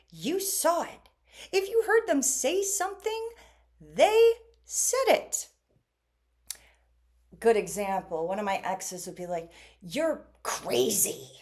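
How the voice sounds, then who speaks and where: Lively animated woman vlogger. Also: sits high. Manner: animated, acts out quoted exchanges. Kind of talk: casual talk to camera.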